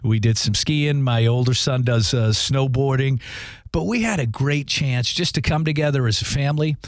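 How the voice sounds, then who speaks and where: A man's voice: mid-range voice, normal speed, no room sound. A man hosting a talk show, speaking in a folksy, rambling way with lots of fillers and restarts. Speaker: radio show host. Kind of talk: casual talk show monologue.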